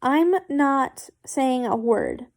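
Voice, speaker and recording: A woman's voice: sits high, lively intonation, drawn-out words, gravelly, heavily acted. A woman reading as a smug young wizard. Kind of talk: amateur fan fiction reading.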